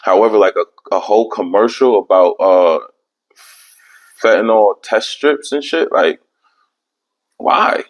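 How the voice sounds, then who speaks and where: A man's voice: fairly low pitch, a little slow, long pauses. A young man hosting a podcast, telling a long story in casual, profane, rambling chat. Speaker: podcast host.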